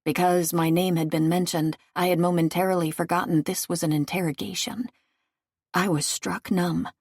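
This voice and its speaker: An audiobook narrator reads scripted text in a low, gravelly woman's voice that's a little mellow. Her intonation stays fairly even at a moderate pace, recorded in studio quality with no echo.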